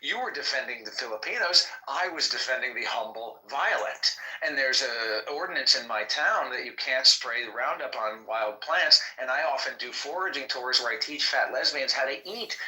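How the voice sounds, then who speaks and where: A man's voice: mid-range voice, rough recording. Rambling profane man in casual chat. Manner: rambling, profane, fast and animated. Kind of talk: casual heated group chat.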